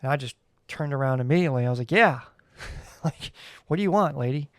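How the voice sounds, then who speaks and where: A man's voice: medium pitch, quick pace, dry recording, studio quality. A man hosting his own podcast, telling stories in a rambling, wry, casual way. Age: adult parent. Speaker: podcast host. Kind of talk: casual solo podcast chat.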